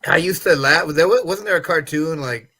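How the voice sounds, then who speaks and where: A man's voice: on the high side, normal speed, sharp tone, no echo, clean studio sound. A man in casual chat as a co-host, playful and jokey, over a video call.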